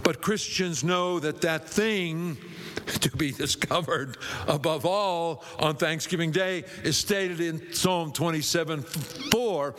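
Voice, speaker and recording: A man preaching a sermon as pastor, slow and emphatic, his pitch rising and falling widely for stress. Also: a bit bright. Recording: long reverb of a large hall.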